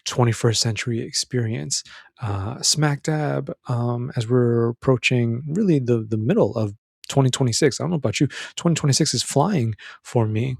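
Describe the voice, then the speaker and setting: Young man, casual film chat, lively rambling delivery, calls you brother, dry close sound. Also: medium pitch, moderate pace, gravelly, husky, no room sound. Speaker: men's self-help film commentator. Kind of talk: casual monologue about a film.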